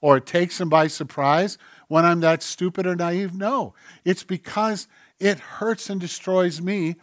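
Man preaching, loud to hushed. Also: high voice, fairly even intonation, measured pace, no room sound, studio quality. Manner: swings from loud declaring to hushed, near-whispered asides; acts out imagined voices of churchgoers and God. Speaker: pastor. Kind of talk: sermon.

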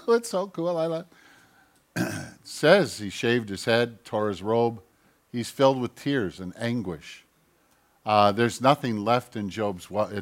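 Man preaching with loud-to-quiet swings. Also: lowish voice. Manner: reads scripture aloud, swings from loud emphasis to quiet asides; clears throat often, self-corrects. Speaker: pastor. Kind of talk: sermon.

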